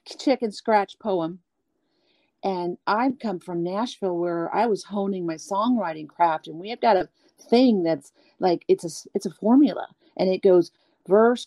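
A woman being interviewed as a guest singer, talking candidly and at length, animated, acting out the people she quotes. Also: medium pitch, a little slow, no echo. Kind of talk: candid storytelling chat.

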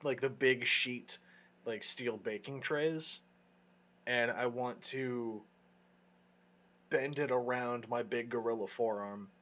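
A man's voice: mid-range voice, slow pace, long pauses, fairly bright tone. A man playing in a tabletop role-playing game, talking casually and rambling with fillers. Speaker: player.

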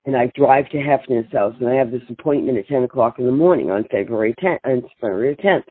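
Older woman, brash storyteller, husky voice, tinny phone line. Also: rumbling low, quick pace, no room sound. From Boston. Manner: brash, animated, laughs often. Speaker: guest, singer and author. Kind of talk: storytelling interview.

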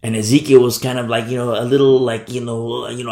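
A man's voice: medium pitch, fairly even intonation, fast talker, darkish tone, reverberant. A man preaching a sermon as a pastor, emphatic and conversational, driving points home through repetition.

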